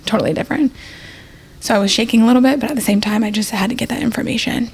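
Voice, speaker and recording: A woman's voice: fairly high pitch, racing, vocal fry, darkish tone, slightly rough. A woman, an emergency nurse, telling a personal story as a podcast guest in a casual, rambling way, acting out what people said. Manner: rambling, full of fillers and acted-out quotes.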